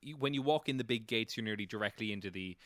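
Bright, clear male game master. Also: on the low side, fast, no echo. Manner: relaxed, descriptive, playful. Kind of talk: narrating a tabletop game.

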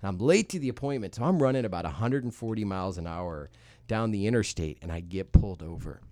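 Brief: man in his thirties, podcast guest, animated storyteller, lively pitch, dry close mic. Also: fast talker, no room sound. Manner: animated, acts out voices in stories. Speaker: guest, real estate entrepreneur.

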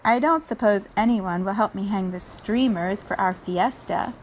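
A woman's voice: mid-range voice, moderate pace, darkish tone, a little hiss or hum, natural voice. A bossy, hardworking iguana from a storybook, voiced by a woman reading aloud. She speaks with insistence and mounting exasperation, in a voice only a little changed from the reader's own. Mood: determined.

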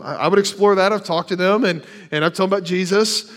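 A man's voice: high voice, steady tone, fairly quick, hardly any pauses, fairly bright tone. A man preaching a sermon as a church pastor, conversational, with rhetorical questions and casual asides.

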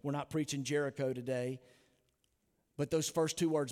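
Male pastor, emphatic sermon delivery, slightly high voice, long church-hall reverb. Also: fairly even intonation, a little slow, darkish tone. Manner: earnest, emphatic preaching with rhetorical questions. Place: church sanctuary.

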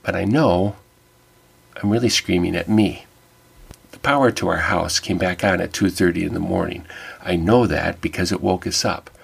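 A man's voice: sits low, moderate pace, vocal fry, slightly rough. A middle-aged man giving an earnest, wry personal reflection that turns to faith. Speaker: devotional speaker.

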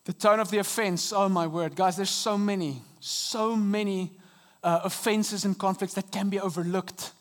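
A high, light-voiced man preaches an earnest sermon from a church stage. He swings between soft, hushed moments and emphatic rises, and his voice comes through a stage microphone. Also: fairly even intonation, normal speed. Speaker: pastor. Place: church auditorium.

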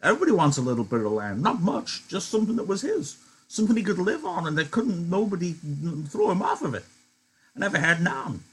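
A man reading aloud as a worn old farmhand who dreams of owning land, his voice lifted high and earnest. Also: very animated, brisk, husky, exaggerated voice. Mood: yearning. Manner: raised pitch, earnest, insistent.

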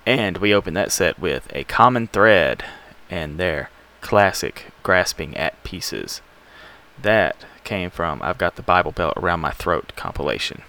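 Man, radio host, rambling casual chat, gravelly, fry-heavy voice. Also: low voice, animated, unhurried, pushed and bright. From Alabama. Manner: rambling and laid-back, with self-deprecating laughs. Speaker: music show host.

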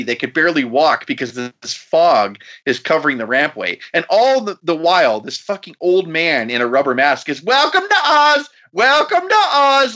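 Bright-voiced man telling a profane story. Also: on the high side, dull audio. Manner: laughing, incredulous, swears a lot. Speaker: podcast host.

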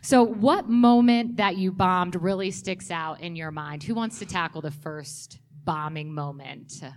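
A woman moderating a comedy festival panel, reading introductions in a clear, upbeat way. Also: lowish voice, a little slow. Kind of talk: hosting a panel.

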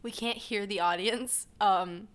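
A woman's voice: medium pitch, measured pace. A woman co-hosts a laid-back podcast, her voice sitting in a middling range. She is easygoing and giggly, taking the jokes in stride. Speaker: podcast co-host. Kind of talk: casual podcast banter.

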